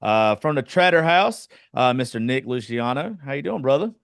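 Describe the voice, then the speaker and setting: A man's voice: medium pitch, animated, normal speed, vocal fry, clear, resonant tone, dry recording. A man with a Southern American accent from South Georgia, hosting a podcast in a loose, profane, drawling way. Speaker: podcast host. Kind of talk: casual podcast chat.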